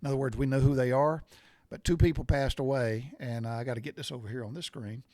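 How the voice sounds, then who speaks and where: A man's voice: mid-range voice, fairly even intonation, fast talker, darkish tone, no room sound, clean studio sound. A middle-aged man hosts his own podcast, talking bluntly and repetitively as he gets worked up about what annoys him. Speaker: podcast host. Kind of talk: opinionated solo podcast rant.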